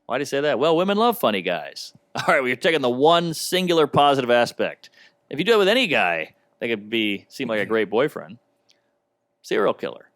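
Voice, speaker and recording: A male stand-up comedian with a wry, deadpan, self-deprecating delivery, doing a comedy set. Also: mid-range voice, fairly quick, no room sound. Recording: noisy recording of a comedy special.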